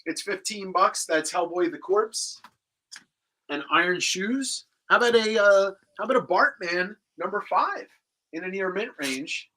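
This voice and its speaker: Man, slightly high voice, bright and forceful, joking comic seller, casual live-stream banter. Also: rough recording. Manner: joking, rattles off comic listings. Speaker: comic book claim sale host.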